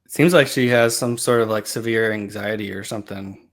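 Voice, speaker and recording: A man's voice: lowish voice, steady tone, brisk. A man co-hosting a podcast, chatting casually, mostly agreeing and adding short remarks. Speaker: podcast co-host. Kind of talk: casual chat.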